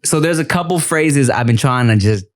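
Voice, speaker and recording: A man with a brisk, mid-range voice hosts a podcast in casual chat, telling stories and animatedly acting out the dialogue within them.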